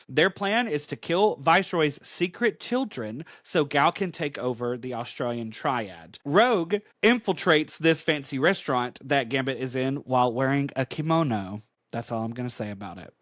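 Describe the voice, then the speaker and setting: A man's voice: a little high, fairly bright tone, no room sound, studio quality. A man co-hosting a podcast, giving a chatty, emphatic comic book recap full of "like". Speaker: podcast co-host.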